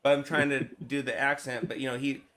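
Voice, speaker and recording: A man with a bright, forceful voice tells rambling stories about his work as a process server, swearing freely. He is heard over an online voice call. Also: medium pitch, little pitch movement, a little fast. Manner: profane, rambling storyteller. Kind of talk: casual group call chat.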